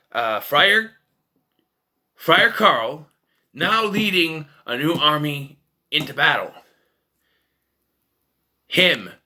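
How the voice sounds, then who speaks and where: A man's voice: on the high side, sharp tone. A man casually ranting about a film as a reviewer, profane and sarcastic. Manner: ranting, profane, jumps into mocking voices.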